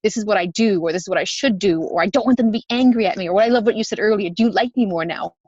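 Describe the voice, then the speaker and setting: A woman co-hosting a podcast, telling stories in an animated way with frequent laughs during a casual spiritual chat. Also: mid-range voice, racing, no echo, highs cut off. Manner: animated storytelling, laughs often. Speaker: podcast co-host.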